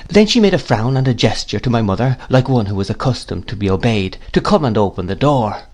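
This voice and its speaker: A man narrating a classic novel in a measured, unhurried storytelling manner. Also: mid-range voice, animated, darkish tone. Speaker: audiobook narrator.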